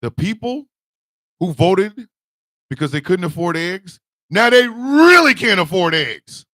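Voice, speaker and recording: A man ranting comedically as a show host, loud and animated with shouted bursts. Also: high voice, unhurried, dry recording, studio quality. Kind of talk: comic rant.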